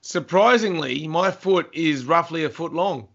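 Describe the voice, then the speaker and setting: Male host, slightly high voice, slow and deliberate, dull lo-fi sound, playful teasing. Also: a bit bright. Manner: teasing, giggles at own facts. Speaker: podcast host. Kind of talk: casual chat.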